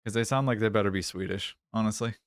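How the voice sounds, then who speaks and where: A man's voice: on the low side, fast, no room sound, clean studio sound. A man streaming a game, chatting casually, joking and swearing freely, speaking English as a second language. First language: not English. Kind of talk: casual live-stream chat while playing.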